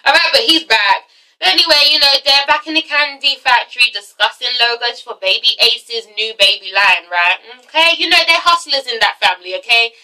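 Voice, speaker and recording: Sassy, bright-voiced young woman vlogger. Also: a little high, brisk, far from the mic, poor audio. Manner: chatty, sassy, swears. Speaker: TV recap vlogger. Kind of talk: casual recap vlog.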